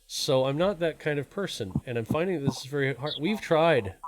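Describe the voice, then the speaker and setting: A man's voice: a little high, expressive, moderate pace, slight background noise. A man in his forties, born in Canada and raised in the US, hosting a live stream in a rambling, self-deprecating, casual way. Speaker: stream host.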